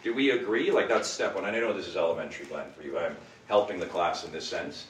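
A man teaching a Bible class, asking his listeners rhetorical questions in an animated way. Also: low-pitched, fast talker. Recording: roomy, distant mic with faint noise.

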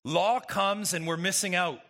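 A man's voice: high-pitched, a little slow, pushed and bright. A man preaching a sermon as pastor, emphatic and full of rhetorical questions to the congregation.

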